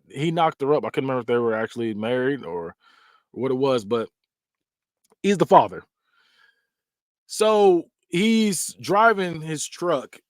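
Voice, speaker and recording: A man hosting a podcast, casually recapping film scenes with vocal sound effects. His pitch swings widely as he tells the story. The recording is dry and close. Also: dry recording. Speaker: podcast host.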